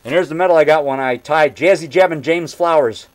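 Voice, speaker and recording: Chatty man touring his basement, higher voice. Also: brisk. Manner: eager, chatty, jumps from item to item. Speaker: monster movie-maker giving a home tour. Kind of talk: rambling show-and-tell tour. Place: home basement.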